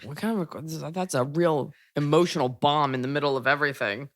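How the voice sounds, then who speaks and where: A woman's voice: deep voice, steady tone, quick pace. A woman from Texas hosting a podcast, chatting casually in a rambling, wry and blunt way with lots of fillers. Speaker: podcast host.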